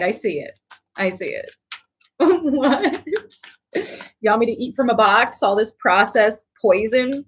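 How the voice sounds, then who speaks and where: A woman's voice: fairly high pitch, a little slow, pauses often. Chatty woman giving a tarot reading. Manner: chatty, laughs easily, animated asides. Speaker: tarot reader. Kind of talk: casual tarot reading to camera.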